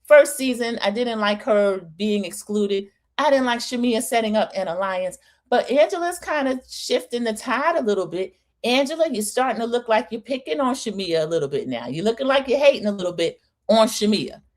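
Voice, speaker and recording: A woman's voice: a little high, expressive, normal speed. A middle-aged woman hosting a live-stream reality-TV recap in casual chat, talking straight to her viewers and thanking them by name.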